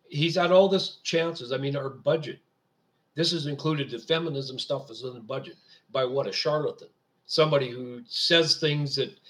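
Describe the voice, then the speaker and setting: A Canadian man hosting his own radio show delivers an indignant, sarcastic political rant. His voice is mid-range with a fairly bright tone, and the talk is a political commentary monologue.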